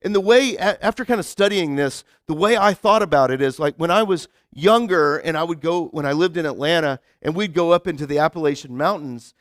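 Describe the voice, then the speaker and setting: High-voiced, chatty young male preacher. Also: fairly quick, hardly any pauses, no room sound, studio quality. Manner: chatty storyteller, many repeated "like" and restarts. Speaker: pastor. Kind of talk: casual conversational sermon.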